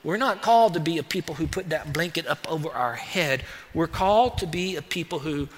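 A man preaching a sermon as pastor, in an animated, conversational way with playful asides, in a church sanctuary. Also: a little high, a little fast. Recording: church hall reverb.

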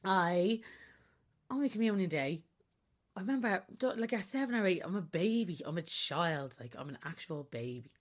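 Woman in her 40s doing a personal podcast, open and confessional, slightly low voice. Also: lively intonation, moderate pace. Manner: candid and confessional, breaking into laughter. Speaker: podcast host.

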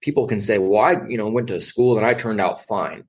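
A middle-aged man telling stories in conversation, emphatic and animated, acting out quoted voices. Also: fairly low pitch, a little fast, breathy edge. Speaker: podcast guest, educator. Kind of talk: conversational storytelling.

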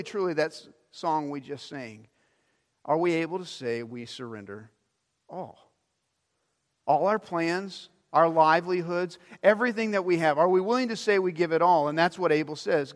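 Middle-aged male pastor, fairly high voice, preaching with loud emphatic swells and soft asides, church hall reverb. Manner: shifts from loud emphasis to quiet, drawn-out asides. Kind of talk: sermon. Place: church sanctuary.

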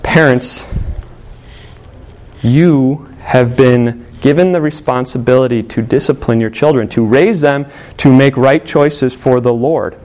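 A man's voice: mid-range voice, unhurried, a little mellow. Earnest man preaching a sermon. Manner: earnest, conversational storytelling with fillers. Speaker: pastor.

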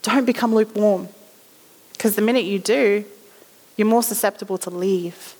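A woman's voice: mid-range voice, moderate pace, a little mellow. A woman giving a conversational sermon, acting out little voices as she tells stories. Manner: conversational storytelling, acts out voices. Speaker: guest preacher. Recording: reverberant hall.

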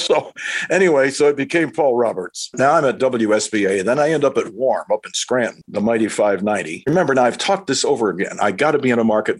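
A man's voice: medium pitch, lively intonation, brisk, breathy edge. An older man, a radio broadcaster, telling career anecdotes casually and acting out the quoted voices. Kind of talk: casual storytelling.

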